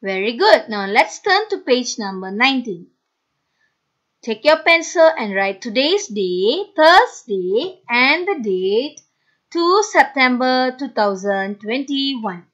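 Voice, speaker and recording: A woman teaches children a phonics lesson, sounding out letters one by one, repeating each word and praising the students. Her voice is a little high, sing-song and a bit bright, and she takes it slowly, captured on a dull lo-fi recording.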